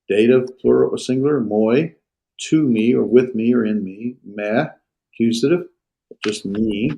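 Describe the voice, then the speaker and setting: A man lecturing a classroom on Greek grammar, pausing often on fillers and restarts and checking in with his students. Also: medium pitch, gravelly, warm tone, low-quality recording. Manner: halting, with frequent fillers and restarts. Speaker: Greek teacher.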